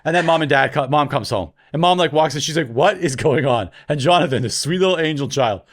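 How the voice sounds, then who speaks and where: A man from Canada in his thirties, co-hosting a podcast and telling a story in a casual, animated way, loudly acting out the people he quotes. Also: a little high, fast. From Ontario, Canada. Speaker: podcast co-host.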